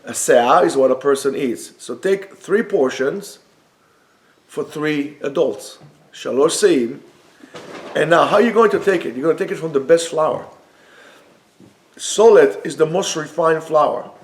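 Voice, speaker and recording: A man with a fairly high voice teaching a Torah class. He talks in a lively way, acts out the text's dialogue, and moves between Hebrew quotes and plain explanation. He is recorded indoors in a yeshiva study room. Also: a little slow, pauses often.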